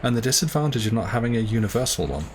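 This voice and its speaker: A man's voice: medium pitch, expressive, racing, a little hiss or hum, lightly acted. Give me a man doing a composed, courteous young servant in a storybook reading. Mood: calm. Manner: polite, composed. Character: calm, philosophical young male servant.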